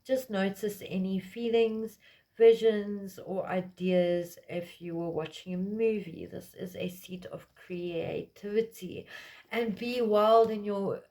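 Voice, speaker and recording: A woman's voice: medium pitch, fairly even intonation, takes it slowly, warm tone. A woman giving a casual collective tarot reading, talking in a meandering way with lots of fillers. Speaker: tarot reader.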